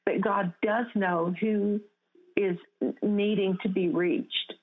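A woman's voice: mid-range voice, fairly even intonation, slow pace. A woman guest telling a faith testimony in an interview, speaking earnestly with frequent restarts. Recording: tinny phone-line sound.

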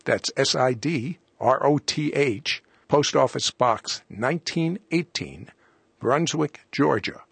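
An older man hosting a radio interview and reading out offers and contact details briskly. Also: animated, creaky, fairly bright tone, slightly rough, no room sound. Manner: brisk, pitch-reading announcer. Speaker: host.

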